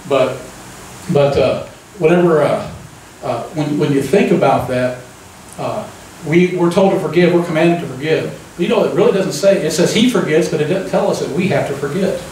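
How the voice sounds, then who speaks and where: A man preaching a conversational sermon, folksy and relaxed, often turning to the congregation with a quick "amen?". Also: on the high side, slight background noise. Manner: folksy, keeps asking the crowd "amen?". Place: church sanctuary. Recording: echoey church room, mic at a distance.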